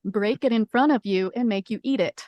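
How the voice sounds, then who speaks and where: A woman's voice: a little high, fairly quick, no echo, muffled recording, close to an everyday voice. A woman voicing a vicious adventurer who hisses profane threats at a companion, in a tabletop game. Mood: menacing.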